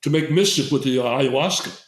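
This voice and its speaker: A man's voice: medium pitch, brisk. Older man telling a rambling story. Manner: rambling, many fillers and restarts. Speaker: guest herbalist. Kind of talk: storytelling in conversation. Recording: roomy echo.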